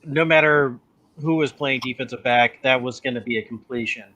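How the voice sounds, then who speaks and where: A man on a sports talk panel, talking haltingly with many fillers. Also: mid-range voice, pushed and bright, lo-fi sound.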